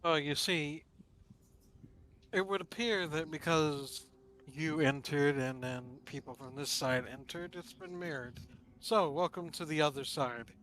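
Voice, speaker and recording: Slightly high man playing his character. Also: unhurried, a bit bright. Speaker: player. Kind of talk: in-character tabletop play.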